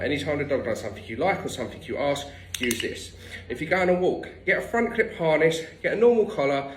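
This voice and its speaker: A man's voice: a little high, fairly bright tone, echoey room, rough recording. A man working as a dog trainer, giving blunt, no-nonsense instructions with the odd swear word. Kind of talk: direct instructional tips.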